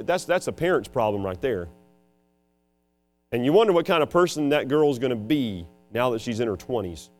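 A preacher who also teaches school, delivering a dramatic sermon, swinging between loud emphasis and hushed asides. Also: male voice, mid-range voice.

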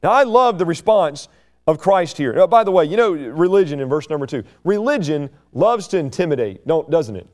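High, lively-voiced male preacher. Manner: conversational, mocks opponents in quick asides. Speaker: preacher and teacher. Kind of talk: sermon, Bible teaching.

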